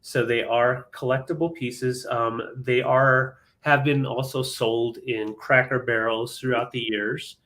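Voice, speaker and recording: A man's voice: mid-range voice, fairly even intonation, a little slow, few pauses, fairly bright tone. A man from England co-hosting a live vintage sale, laid-back and chatty, with dry little asides. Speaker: co-host and collector. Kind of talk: casual chat.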